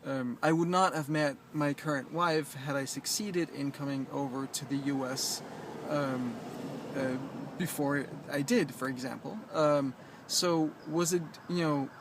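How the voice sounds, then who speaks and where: A man speaking casually outdoors on a rooftop, his voice sitting a touch higher than most men's. He hesitates often, filling gaps with ums and restarting words, yet settles into a reflective, reassuring coaching tone. Faint traffic hums behind him. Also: steady tone, unhurried. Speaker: life coach. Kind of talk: casual vlog monologue.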